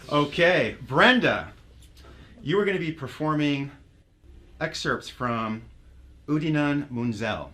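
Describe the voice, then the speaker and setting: A man's voice: on the high side, animated, takes it slowly, long pauses, pushed and bright, slight background noise. A man hosting a veterans' theater night, casual and teasing as he introduces performers. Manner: joking, teasing, emotional. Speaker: host. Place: theater stage with a live audience.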